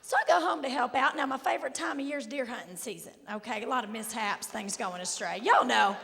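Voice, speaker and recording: A woman from Kentucky with a Southern accent and a raspy voice, performing a sassy stand-up set. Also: on the high side, fast. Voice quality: raspy, hoarse-sounding voice all the time. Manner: sassy, drawling, loud bursts to the crowd. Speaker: stand-up comedian. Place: large theater stage. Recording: live stage with hall echo, faint noise.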